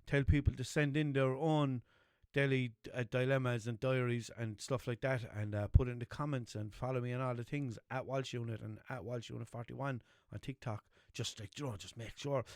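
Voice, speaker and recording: A man's voice: medium pitch, a little mellow, dry recording. Irish man from Limerick, podcast host; chatty and rambling, unscripted, recorded dry and close. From Limerick, Ireland. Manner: rambling, loose and chatty with many fillers. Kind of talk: casual unscripted chat.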